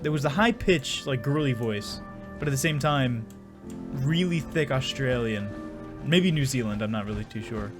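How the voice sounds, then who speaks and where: A man's voice: mid-range voice, expressive, moderate pace, music in the background. A young man rambling and joking crudely while commenting on his game. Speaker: gaming streamer. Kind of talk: casual let's-play commentary.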